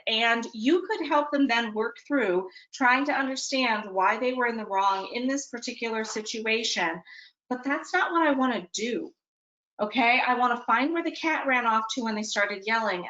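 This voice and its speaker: A woman's voice: a little high, pushed and bright, muffled recording. A woman presenting a webinar talk for parents, talking conversationally with dry, self-mocking humor and often checking in with "okay?". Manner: conversational, punctuates points with "okay?".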